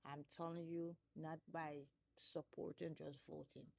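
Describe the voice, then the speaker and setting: Guyanese woman vlog host, dark mellow tone, emphatic, keeps asking rhetorical questions. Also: low voice, level tone, a little slow, creaky, dry recording. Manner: emphatic, repeats rhetorical questions, chuckles often. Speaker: show host. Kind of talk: casual political commentary vlog.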